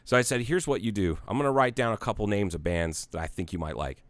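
A forty-year-old man from Ohio tells a story in casual podcast talk and acts out both sides of the conversation. His voice sits a bit low and comes across smooth and clear. The sound is dry and close, with no room around it. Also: quick pace, no room sound. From Ohio, United States. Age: 40s. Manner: casual, swears freely.

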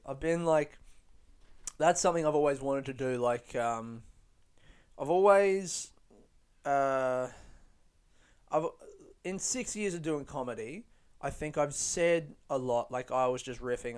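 Smooth-voiced young man, rambling casually. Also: mid-range voice. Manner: rambling, lots of "like" and restarts, casual swearing. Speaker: stand-up comedian. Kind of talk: casual reflective vlog talk.

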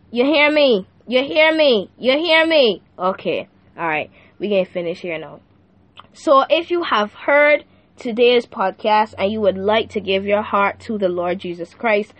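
Lively young woman giving a casual devotional. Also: on the high side, no room sound. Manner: animated, laughing, asks the listener "right?" often; slangy and playful. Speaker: youth podcast host.

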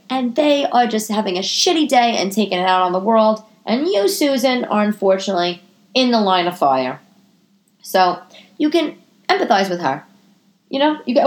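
A woman in her thirties hosting a casual solo podcast from her living room, chatty and profane, often jumping into animated high-pitched asides. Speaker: podcast host.

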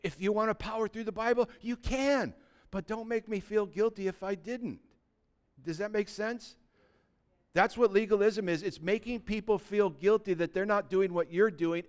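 Man, pastor, sermon, chatty preaching, emphatic peaks, acts out quotes, high pitched, smooth resonant voice. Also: moderate pace. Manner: conversational preaching, rising to loud emphatic shouts.

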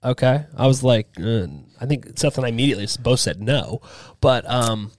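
A man's voice: medium pitch, moderate pace. A man hosting a podcast in a studio, telling rambling stories and acting out the voices of people he quotes. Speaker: podcast host. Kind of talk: casual chat.

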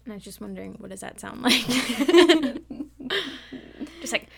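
A woman's voice: fairly high pitch, lively intonation, slow, vocal fry, breathy edge. A young woman co-hosting a casual book-club podcast, chatty and giggly, reading passages aloud. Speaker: podcast co-host.

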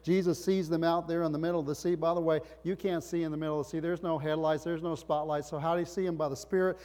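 A man's voice: a little high, little pitch movement, fast talker, a little mellow. A middle-aged man preaches a sermon, his somewhat raised voice climbing into emphatic bursts between rhetorical questions. He sounds like a pastor working a congregation. The sound rings out with a long reverb, as in a large hall.

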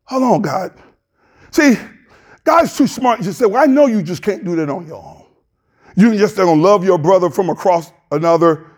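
A man's voice: sits high, animated, moderate pace, a little mellow, slightly rough. A male pastor, preaching a passionate sermon in a church, hollering with plain colloquial speech.

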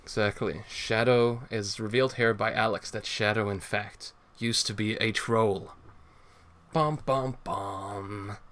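A man's voice: fairly low pitch, little pitch movement, moderate pace, hardly any pauses, fairly bright tone. A man co-hosting a casual chat about a comic, explaining at length with many fillers and swearing. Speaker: co-host reviewing a comic.

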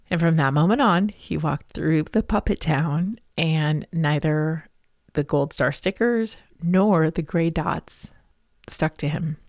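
Brief: woman podcast host, heartfelt storyteller, gravelly lower voice, dry close sound. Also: slow pace, darkish tone, no echo. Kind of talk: spiritual podcast monologue.

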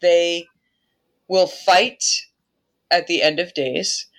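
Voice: medium pitch, steady tone, drawn-out words. A podcast host retells an old myth in a loose, irreverent way. The delivery is chatty, with frequent laughter and the odd swear word.

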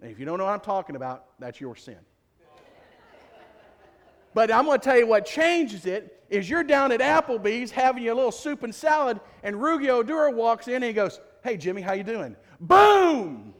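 A man's voice: very high-pitched, animated, normal speed. A man preaching a sermon as pastor, in a conversational, jokey way full of rhetorical questions. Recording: long reverb of a large hall.

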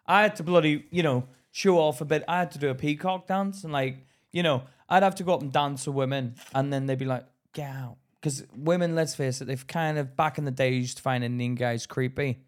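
A man from Ireland co-hosting a podcast, talking in casual chat, animated and profane, acting out the voices of people in his stories. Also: on the high side, fairly quick, few pauses. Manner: animated storyteller who swears and acts out quotes. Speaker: podcast co-host.

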